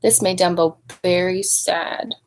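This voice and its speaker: A woman reading a picture book aloud to young children, expressive and adding chatty asides to her listeners. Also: lowish voice, measured pace, poor audio. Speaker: storybook reader at a speech clinic.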